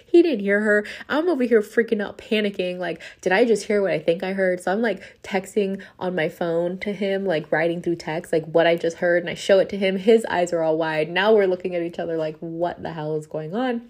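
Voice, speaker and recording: A woman's voice: on the low side, brisk, hardly any pauses, a little mellow. A woman hosting a podcast, telling a travel story in a chatty, casual way, full of "like" and laughter. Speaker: podcast host.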